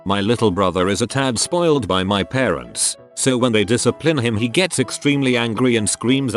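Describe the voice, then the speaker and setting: A man's voice: fairly low pitch, sing-song, moderate pace, hardly any pauses, faint music behind. A man reading out short stories as a scripted narration, in a storytelling way. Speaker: narrator of reader-submitted stories.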